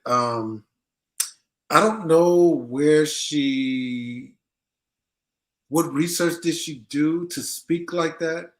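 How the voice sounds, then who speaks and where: A man's voice: a little high, slow. Emphatic, chatty man hosting a show. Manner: conversational, repetitive, emphatic. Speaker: host. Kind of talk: casual commentary on news.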